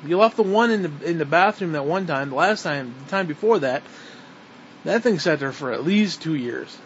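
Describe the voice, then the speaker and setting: A man's voice: a little high, lively intonation, brisk. A man delivering an angry, profane, repetitive rant straight at the listener. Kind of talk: ranting monologue to the camera. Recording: dull lo-fi recording with faint noise.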